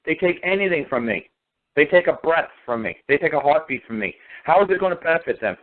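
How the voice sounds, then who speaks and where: A man's voice: a little high, animated, fast talker. A man talking in a casual radio conversation, emphatic and sarcastic, repeating his points over and over. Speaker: guest speaker on law. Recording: tinny phone line.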